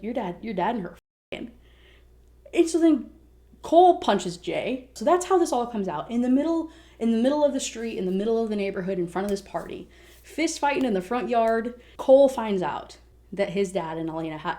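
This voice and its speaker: A young woman casually recapping a novel's plot, swearing freely and acting out the characters' lines as she goes. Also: mid-range voice. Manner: animated retelling with quick quoted dialogue; frequent "like" and profanity. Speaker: book reviewer. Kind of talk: casual spoiler recap rant.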